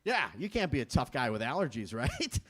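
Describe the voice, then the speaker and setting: A man in his thirties doing a stand-up comedy set, self-deprecating and jumping into loud voices when quoting people. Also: medium pitch, wildly swooping pitch, a little fast.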